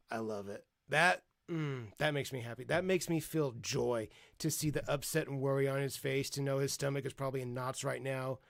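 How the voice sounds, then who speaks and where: A man on a live stream reacting to a clip. He mocks the people in it with crude, gleeful remarks. His voice is gravelly and mid-pitched, and the sound is close and dry. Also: normal speed, fairly bright tone, dry recording. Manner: mocking, profane, gleeful.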